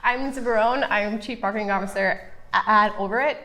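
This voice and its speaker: A woman's voice: medium pitch, brisk, pushed and bright. Teasing woman in a casual interview. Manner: dry, teasing banter. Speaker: interview guest, marketing executive. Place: indoors at an office.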